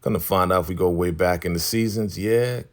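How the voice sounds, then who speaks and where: A TV recap vlogger with a deep voice talks briskly as he casually goes over an episode. He retells scenes loosely and conversationally, paraphrasing the characters' dialogue.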